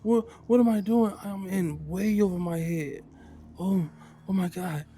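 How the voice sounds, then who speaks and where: A man's voice: high voice, unhurried, dark tone, pitched above the performer's own voice. A man voicing a nervous, overly nice young male adventurer who is panicking, stammering and repeating himself. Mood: panicked.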